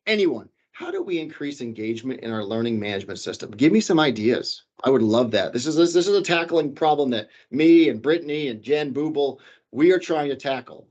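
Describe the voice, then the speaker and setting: A man leading a workplace training session, talking casually and animatedly, shifting his pitch and volume for emphasis. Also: animated, brisk, a little mellow, highs cut off. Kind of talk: corporate training talk. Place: office.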